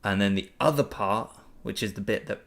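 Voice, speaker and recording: Gravelly, easygoing man. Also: on the low side, normal speed. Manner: easygoing and upbeat, rambling with fillers and restarts. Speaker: channel host answering viewer questions. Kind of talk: casual live Q&A chat.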